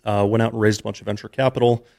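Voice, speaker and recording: A man's voice: lowish voice, steady tone, rapid-fire, vocal fry, darkish tone. A man in his thirties, a podcast guest, telling a personal story in an earnest, emotional, conversational way.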